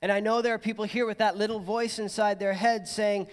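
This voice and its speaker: A man's voice: high voice, little pitch movement, brisk, few pauses, long reverb tail. A man preaching a sermon in church, earnest and personal, sometimes voicing people's imagined thoughts. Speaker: pastor.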